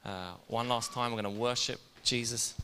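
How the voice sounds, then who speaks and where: Bright-voiced male preacher in a reverberant hall. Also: medium pitch, moderate pace, a little hiss or hum. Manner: energetic, conversational preaching with asides. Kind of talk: sermon. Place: church hall.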